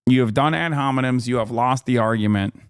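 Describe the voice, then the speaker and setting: A man's voice: medium pitch, brisk, clean tone, no echo, clean studio sound. Profane, incredulous male streamer. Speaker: streamer reacting to a debate clip. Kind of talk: casual live-stream commentary.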